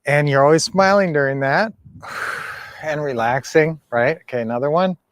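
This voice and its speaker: A middle-aged man hosts a casual coaching livestream for real estate buyers. He rambles in a folksy way with plenty of fillers, in a fairly high voice. The recording is dry and close. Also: brisk, dry recording.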